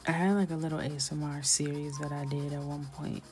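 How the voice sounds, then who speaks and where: A woman hosting a live coloring stream, talking casually and playfully while she colors, chatty and animated. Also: low voice, a little fast, faint music behind.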